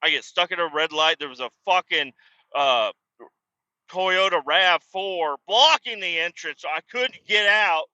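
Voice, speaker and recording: A man hosting a podcast, telling a story in a profane, exasperated rant and shouting out the lines he re-enacts. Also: high voice, measured pace, dry recording, lo-fi sound. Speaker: podcast host.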